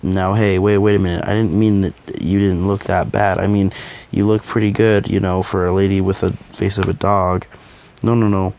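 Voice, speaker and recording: A man's voice: low-pitched, level tone, normal speed, a little mellow. A man voicing a blunt, hot-headed young male fighter who speaks earnestly and clumsily in a fan audio drama.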